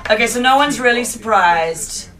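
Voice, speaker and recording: A woman's voice: on the high side, animated, normal speed, fairly bright tone, distant mic, soft background music, poor audio. A woman moderating a recorded panel, giggling and prodding the others along. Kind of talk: casual chat on a recorded panel.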